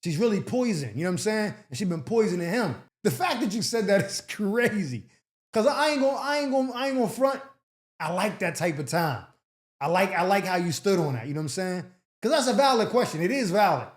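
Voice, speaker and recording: A young man with a fairly high voice talks through viewer letters in loose, slang-filled casual commentary. He riffs animatedly and slips into acted-out voices of the people in the stories. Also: a little fast. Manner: animated slang-heavy delivery, acts out quoted people. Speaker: advice show host.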